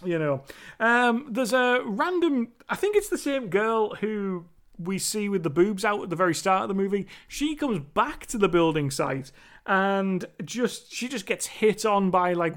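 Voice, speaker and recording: A man's voice: high-pitched, a bit bright. A young man casually reviewing a movie, rambling, laughing and mimicking lines from the film.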